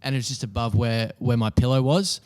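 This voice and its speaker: A man's voice: medium pitch, fairly even intonation, fairly quick, a little mellow, clean tone, no room sound, clean studio sound. A man in casual chat telling a story hesitantly, with frequent ums and restarts. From outside Australia.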